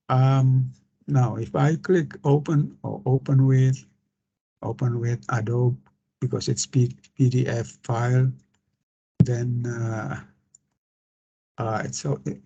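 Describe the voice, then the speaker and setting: A man with an Indonesian accent giving a screen-share lecture on translation, halting and full of fillers and restarts. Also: mid-range voice, gravelly, warm tone, breathy edge, dull audio.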